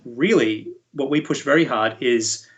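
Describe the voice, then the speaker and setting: Guy chatting as an interview guest, easygoing, explains stuff at a middle pitch. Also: unhurried, muffled recording. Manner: explanatory, relaxed and conversational. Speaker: guest, university VFX lead. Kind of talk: casual interview chat.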